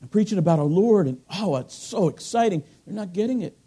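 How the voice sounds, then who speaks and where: A middle-aged man delivers a sermon in a fairly high voice that still sounds mellow and dark in tone. He swings between loud, emphatic bursts and low, hushed asides. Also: expressive, a little fast, husky. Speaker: preacher.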